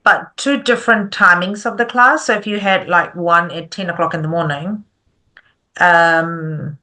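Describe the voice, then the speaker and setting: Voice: mid-range voice, steady tone, unhurried, sharp tone. A trainee on a video call, asking hesitant questions about ending a class.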